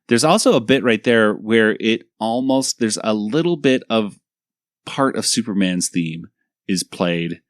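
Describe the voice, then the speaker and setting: Rambling man with a low dry voice. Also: animated, slow, no echo. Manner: rambling, many fillers, laughs easily. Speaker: podcast host. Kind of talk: casual episode review chat.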